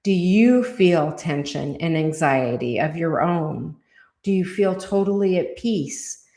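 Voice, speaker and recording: Woman channeler, slow deliberate delivery, lowish voice, roomy echo. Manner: calm, measured, deliberate delivery when channeling. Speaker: podcast co-host, channeler.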